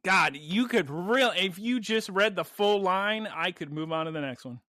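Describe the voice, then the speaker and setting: Excitable, high-voiced male podcast host. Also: normal speed, dry recording, clean studio sound. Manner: excitable, gushing. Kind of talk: casual podcast chat.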